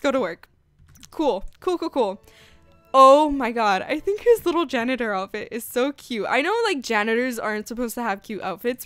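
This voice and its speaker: Gushy chatty girl doing let's-play commentary, kinda high voice, dry close sound. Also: fairly bright tone, no room sound. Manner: bubbly, gushing, chatty with lots of "like" and "freaking". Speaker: gaming channel host.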